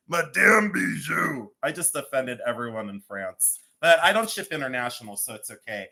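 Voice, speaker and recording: A man's voice: medium pitch, animated, moderate pace, pushed and bright. A man in his fifties with a Cleveland accent, chatting and joking as he sells jewelry on a live stream, rambling and laughing often. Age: 50s. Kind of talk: chatty live-sale banter.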